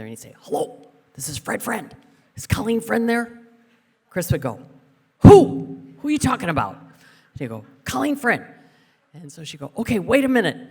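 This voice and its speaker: Woman, award acceptance speech, chatty, joking, fillers, podium mic, long echo of a large hall. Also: a bass voice. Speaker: award recipient's sister giving acceptance speech. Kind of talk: ceremony speech.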